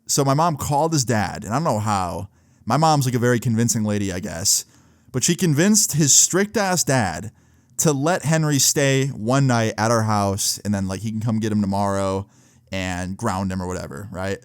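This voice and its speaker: A man's voice: lowish voice, lively intonation, normal speed, no echo, clean studio sound. A young man casually telling a story from his teens, laid-back and loose, full of "like" and swearing. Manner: laid-back, filler-heavy with frequent "like" and swearing. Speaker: vlogger.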